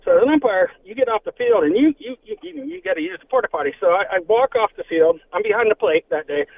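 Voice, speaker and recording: A man's voice: high-pitched, very animated, fast, gravelly. A man calling in to a talk radio show, telling a rambling story. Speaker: caller. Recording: tinny phone line with faint noise.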